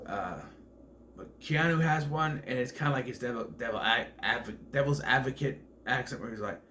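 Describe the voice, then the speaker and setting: A man's voice: mid-range voice, moderate pace, sharp tone, slight background noise. A man giving a casual, rambling film commentary, full of fillers and restarts. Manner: rambling, filler-heavy, self-correcting. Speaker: film reviewer.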